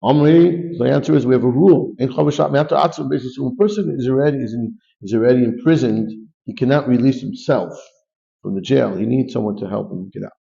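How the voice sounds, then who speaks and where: A man with a gravelly, mellow, medium-pitched voice teaches a Talmud class at a quick pace, reading Aramaic lines and translating each into English. He often restarts mid-phrase, and the recording sounds dull and lo-fi.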